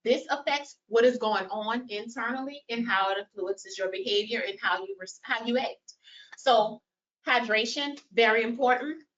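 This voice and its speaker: A woman with a slightly high voice leads a caregiver training session. She moves briskly through points and checks in with the audience. The recording sounds dull and lo-fi. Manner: animated, quizzes audience with show of hands. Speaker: workshop presenter. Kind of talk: live training workshop.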